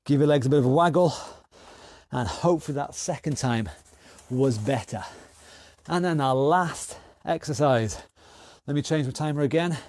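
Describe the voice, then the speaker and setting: A British fitness instructor leads an online workout class, counting down rounds, calling out moves and offering encouragement. His voice is a little high and a little mellow, at normal speed with frequent pauses. The recording is dry.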